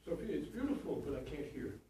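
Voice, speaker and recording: Guy coaching actors, blunt and frank, a bit high voice, far off the mic in a very echoey room. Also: very animated, quick pace, dark tone, a little hiss or hum. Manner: frank, blunt and coaching, with frequent restarts and "you know". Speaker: acting teacher. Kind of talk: giving notes to acting students.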